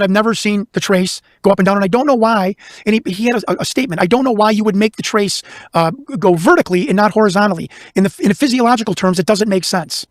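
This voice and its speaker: High-voiced guy rattling off a story super fast, dry close sound. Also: dry recording. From Chicago. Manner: fast, animated, talks over himself with restarts. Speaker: guest investigator. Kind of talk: casual storytelling interview.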